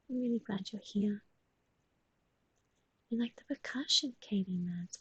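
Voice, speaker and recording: A woman's voice: mid-range voice, a little slow, long pauses, fairly bright tone, breathy edge, no echo, low-quality recording. A young woman hosting a livestream at home, mostly whispering as she coos baby talk to her pet, with sing-song improvised rhymes. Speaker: livestream host.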